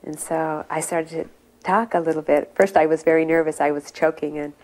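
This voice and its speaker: A middle-aged woman telling an earnest personal story about her past, with many pauses and fillers. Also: low voice, steady tone, darkish tone. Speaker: devotee recounting memories. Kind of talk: personal reminiscence.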